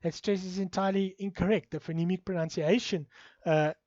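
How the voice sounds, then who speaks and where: A man's voice: sits high, fairly even intonation, brisk, a little mellow, no room sound, highs cut off. A man with an Afrikaans accent from South Africa, giving a recorded university lecture, hesitant and full of fillers.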